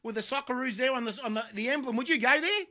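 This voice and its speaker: A man co-hosting a live show, joking loudly and teasing his guest. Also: extremely high pitch, fast talker. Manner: boisterous, joking, laughs often. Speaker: co-host. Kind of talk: casual live show banter.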